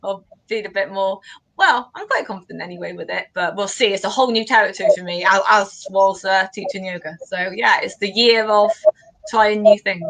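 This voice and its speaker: A woman's voice: mid-range voice, a little fast, fairly bright tone. A young woman from England, a guest in a casual interview, telling stories in a chatty way and laughing often.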